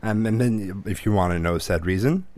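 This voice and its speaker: A man co-hosting a casual podcast about parenting, joking, swearing and telling animated stories. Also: lowish voice, moderate pace, no echo. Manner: profane, joking, animated storytelling. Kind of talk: casual chat.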